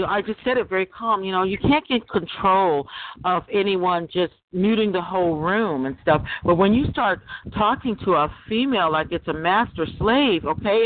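High-voiced man host over a tinny line. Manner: rambling, addresses listeners directly as guys. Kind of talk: call-in show chat. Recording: tinny phone-line sound.

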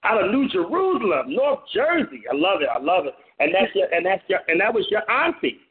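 A man hosting a call-in radio show as DJ, playful and animated, hyping up callers and listeners. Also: high voice, brisk. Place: home studio on a phone-in internet radio show. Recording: tinny phone-line audio.

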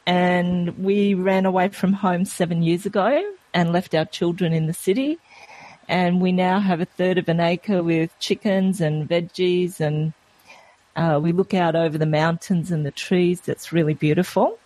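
A woman with an Australian accent, a guest in a radio interview, speaking in a calm, friendly, measured way. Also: lowish voice, no echo. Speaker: guest, medical intuitive. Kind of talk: phone-in interview.

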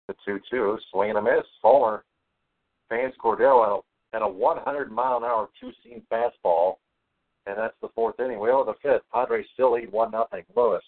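A man giving casual, brisk pitch-by-pitch play-by-play of a baseball game as a podcast host. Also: sing-song, gravelly, no room sound. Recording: tinny phone line.

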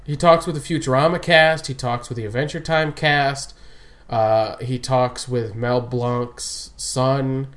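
A man's voice: medium pitch, steady tone, a little slow, fairly bright tone. A man co-hosting a casual podcast chat, rambling and laughing often, trailing off mid-sentence. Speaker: podcast co-host. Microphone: remote call. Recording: remote call audio.

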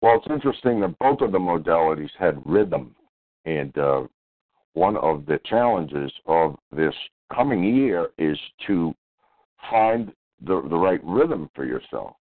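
Low, lively-pitched man, reflective co-host, dry phone-line sound. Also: measured pace, no echo.

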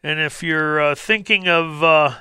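A middle-aged man hosting a health call-in radio show, talking in an animated, jokey way. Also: on the high side, a little slow, smooth, no echo. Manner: animated, jokey, acts out voices. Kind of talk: health talk radio monologue.

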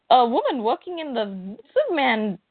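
A woman co-hosting a podcast who chats casually and tosses in dry asides. She speaks slowly, in a slightly high voice. The sound is tinny and dry, like a phone call. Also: huge pitch swings, no room sound. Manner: dry asides, laughs along. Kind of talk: casual chat.

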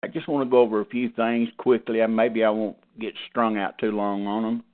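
A man's voice: on the low side, level tone, brisk. A man preaching in a folksy, emphatic way, repeating his key phrases and calling on a brother to read. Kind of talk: sermon teaching. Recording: phone-like narrow band.

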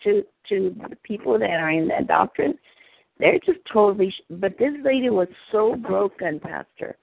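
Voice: mid-range voice, lively intonation, moderate pace, gravelly, dry recording. A caller telling a personal faith testimony in an earnest, rambling way. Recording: tinny phone line, dry.

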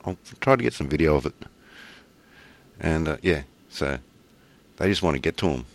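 An Australian man co-hosts a podcast, telling laid-back stories in casual conversation, laughing often and swearing offhandedly. His voice is very deep and animated at a normal pace, with slight background noise.

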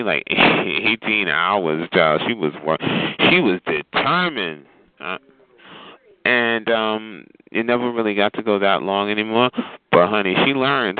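A man telling a sassy, animated story in casual chat, calling listeners honey and child. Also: lowish voice, slight background noise. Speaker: chat line regular. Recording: tinny phone line.

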